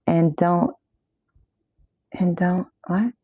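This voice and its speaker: A woman's voice: fairly low pitch, animated, normal speed, darkish tone, dry recording. Chatty New woman on a livestream. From New York. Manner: chatty, greets viewers constantly, says y'all a lot. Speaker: tarot reader hosting a livestream. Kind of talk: casual livestream chat.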